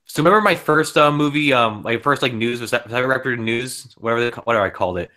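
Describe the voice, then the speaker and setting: A man's voice: medium pitch, quick pace, bright, forceful tone. A man hosting a casual livestream podcast, rambling with frequent restarts. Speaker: podcast host.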